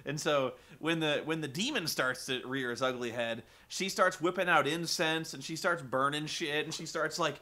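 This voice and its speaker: Bright, animated man ranting about a movie. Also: a little high, moderate pace, hardly any pauses. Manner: animated, rambling, lots of fillers and swearing. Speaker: vlogger reviewing a film. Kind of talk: casual profane film rant.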